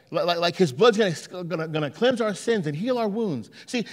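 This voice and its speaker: A male pastor preaching a sermon in a church, telling stories and acting out the quotes. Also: high voice. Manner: animated storytelling with acted-out quotes.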